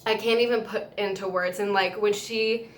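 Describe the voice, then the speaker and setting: A woman vlogger with a medium-pitched voice tells a casual story at a moderate pace, gushing, emotional and overwhelmed with happiness, rambling with a steady stream of fillers. There's a little hiss or hum in the recording.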